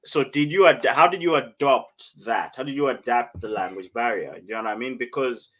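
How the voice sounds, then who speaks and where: A man's voice: medium pitch, moderate pace, a bit bright. A man hosting a casual podcast, reading viewer comments and pressing guests with teasing follow-up questions. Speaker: podcast host.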